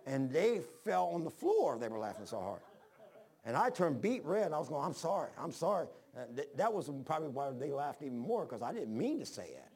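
With a slightly high voice, big pitch swings, a somewhat fast pace and a little mellowness, a man gives a homespun, wandering sermon. He relates personal stories, frequently restarts his sentences, and reads scripture in old-fashioned language.

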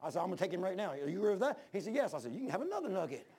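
A man's voice: high voice, racing, crowd noise. An older man, preaching a sermon and telling stories, acting out the voices in them. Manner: animated, acts out the voices in his stories. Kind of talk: storytelling sermon.

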